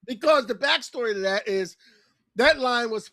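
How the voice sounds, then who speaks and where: A woman co-hosting a casual podcast chat, retelling a sketch with animated storytelling. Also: on the high side, moderate pace, no echo, clean studio sound. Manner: animated storytelling, acts out quoted lines. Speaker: co-host.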